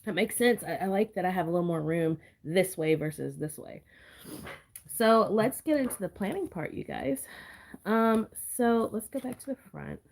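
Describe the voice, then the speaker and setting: A hoarse, out-of-breath woman chatting casually to her viewers as she works on a planner, drifting into soft mumbles. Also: medium pitch, lively intonation, normal speed. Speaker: planner vlogger.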